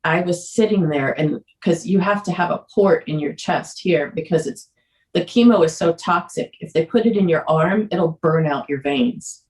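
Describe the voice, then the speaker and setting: A woman podcast guest candidly telling a personal story, earnest and emotional, sometimes halting. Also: on the low side, darkish tone, far from the mic. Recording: roomy echo.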